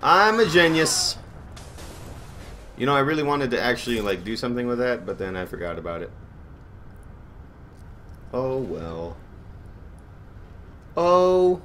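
A man's voice: lowish voice, fairly quick, pauses often, a bit bright, slight background noise. A man giving goofy, rambling gameplay commentary and talking to himself as he plays. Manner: goofy, rambling, talks to himself while playing. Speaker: gaming channel host.

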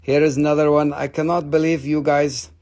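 A man's voice: a little high, flat delivery, fairly quick, darkish tone. A man hosting a live rock and mineral sales stream, chatting in a loose, joking, rambling way. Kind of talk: casual live sales chat.

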